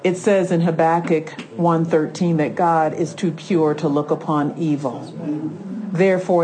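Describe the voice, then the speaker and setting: A woman's voice: sits low, poor audio. A woman teaching a Bible lesson with fervor, reading scripture aloud and breaking into exclamations of praise.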